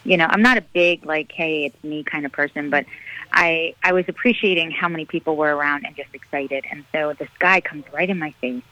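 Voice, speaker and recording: A woman political candidate speaking as a radio interview guest, energetic, earnest and rallying. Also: low voice, fairly quick, no echo, rough recording.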